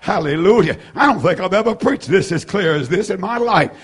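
A man in his seventies preaching a fervent sermon, repeating phrases, rising to shouts and filling gaps with "uh". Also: sits high, lively intonation, brisk, breathy edge. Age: 70s. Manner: fervent, repetitive preaching with frequent "uh" fillers and shouted peaks. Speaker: pastor.

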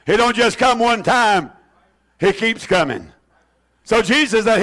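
A male preacher, delivering a sermon and drawing out scripture quotations with slow emphasis. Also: high-pitched, fairly bright tone.

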